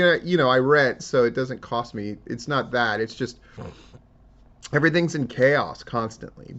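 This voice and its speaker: A man hosts his own commentary show, swearing freely and wandering from point to point in an emotional, rambling way. His voice sits at an ordinary pitch for a man. The recording sounds somewhat dull and lo-fi. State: tearing up. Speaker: wrestling news commentator. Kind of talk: casual solo commentary.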